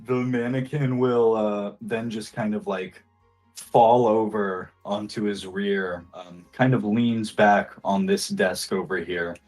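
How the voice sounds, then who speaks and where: A man's voice: lowish voice, fairly even intonation, slow, darkish tone, faint music behind. A man narrating a tabletop role-playing game as game master, hesitant and full of fillers.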